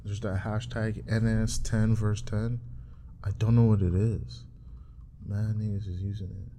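A man's voice: fairly low pitch, flat delivery, a little slow, dark tone, slight background noise. A young man chatting casually on his own while browsing, rambling with profane, joking asides. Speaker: streamer. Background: keyboard typing and clicks.

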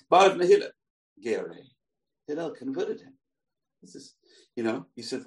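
Gravelly animated man telling a Talmud story. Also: medium pitch, normal speed, recorded from a distance. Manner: animated, acts out the characters' lines. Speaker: Torah teacher.

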